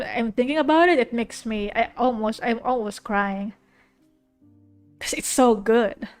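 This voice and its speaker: A young female vtuber with a slightly high voice chats casually while reacting to an anime. She rambles effusively and emotionally, often restarting her sentences, with soft piano music playing faintly underneath.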